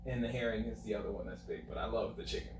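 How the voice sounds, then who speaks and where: A man's voice: lowish voice, steady tone, rapid-fire. A man from Florida, a guest on a casual podcast chat, who swears freely, laughs often and tells stories with energy. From USA, Florida. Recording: echoey room, distant mic, noisy.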